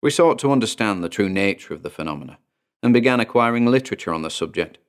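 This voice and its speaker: A man narrating his own first-person horror story in a measured, deliberate way, slowing down on key phrases. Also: on the low side, lively intonation, clear, resonant tone. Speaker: narrator and author.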